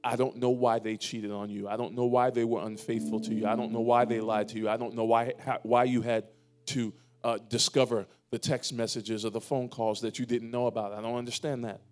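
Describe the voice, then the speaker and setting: A man pastor preaching a sermon in a church, building to emphatic, louder lines and dropping to quiet, drawn-out pleas. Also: medium pitch, little pitch movement, soft background music. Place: church sanctuary.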